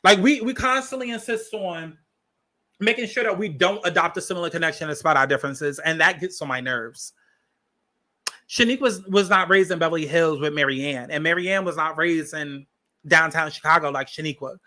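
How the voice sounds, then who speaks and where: A man's voice: fairly high pitch, normal speed, sharp tone. A man hosting a podcast, ranting heatedly, swearing a lot and repeating lines for emphasis. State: agitated. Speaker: podcast host.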